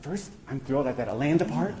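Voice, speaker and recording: A man's voice: on the high side, animated, fast talker, dark tone, roomy sound, slight background noise, close to an everyday voice. A man playing an insecure, self-doubting actor with a dramatic, neurotic manner in a community radio play. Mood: anxious. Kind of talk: amateur radio play acting.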